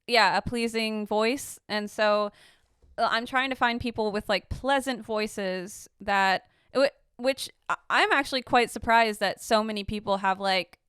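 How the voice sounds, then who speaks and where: A woman co-host in casual podcast talk, with a very smooth, clean voice recorded dry and close. She gropes for words, trailing off and restarting. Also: medium pitch, measured pace, a bit bright, dry recording. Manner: hesitant, many fillers and restarts. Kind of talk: casual chat.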